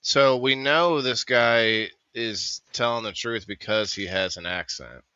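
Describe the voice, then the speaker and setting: A man's voice: fairly low pitch, a little slow, pushed and bright, clean tone, no echo, dull audio. A male host in casual, jokey chat, rambling through news items and putting on silly accents.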